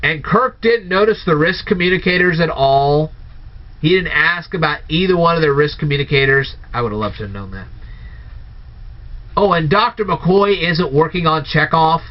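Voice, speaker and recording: In a dull lo-fi recording, a man reviews a movie casually, throwing out one sarcastic, disbelieving rhetorical question after another. He speaks at a moderate pace in an animated, fairly high-pitched voice.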